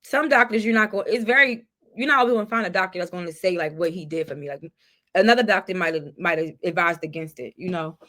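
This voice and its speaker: A woman's voice: lowish voice, fast talker, sharp tone. A woman guest on a podcast, sharing a personal story in a candid, heartfelt way.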